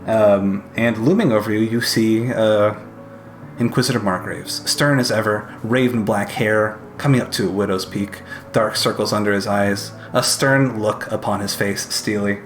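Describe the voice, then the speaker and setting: A man's voice: on the low side, steady tone, normal speed, echoey room, faint music behind. A man narrating a tabletop game as game master, descriptive and hesitant, with frequent fillers.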